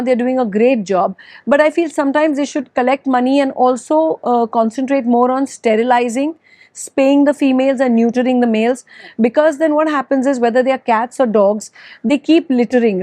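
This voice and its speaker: Middle-aged lady chatting in an interview, earnest, lots of uhs, high-ish voice. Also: a little mellow, dry recording. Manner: earnest, chatty, with many fillers. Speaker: interviewee, actress and animal lover. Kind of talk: casual interview chat.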